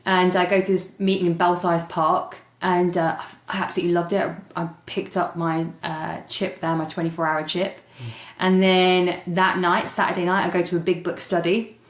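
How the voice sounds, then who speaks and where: English woman, young, storytelling guest, lowish voice, roomy echo. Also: moderate pace. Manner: animated storytelling with fillers and laughs. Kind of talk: personal recovery story.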